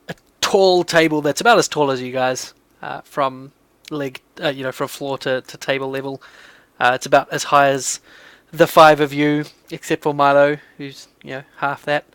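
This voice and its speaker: A man's voice: fairly high pitch, fairly bright tone, smooth, dry recording. Man narrating a tabletop game. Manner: casual, many fillers. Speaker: game master.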